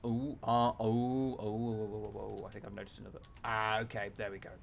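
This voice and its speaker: A man's voice: lowish voice, level tone, a little fast, vocal fry, a little hiss or hum. A man, chatting casually on a gameplay livestream, thinking aloud with lots of fillers, restarts and offhand swearing. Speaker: livestreamer playing a factory-building game.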